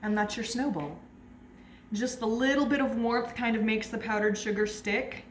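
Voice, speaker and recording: A woman's voice: a little high, normal speed, reverberant, slight background noise. A woman hosting a casual home cooking video, talking as she works and chatting while she eats. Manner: chatty, talks while eating. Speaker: host.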